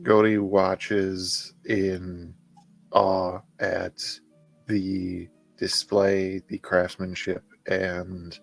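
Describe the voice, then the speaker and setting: A man describes his character's actions while playing a tabletop game. His deep, gravelly voice moves slowly and evenly, with hesitant pauses. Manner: slow, hesitant narration. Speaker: player. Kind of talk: casual play narration.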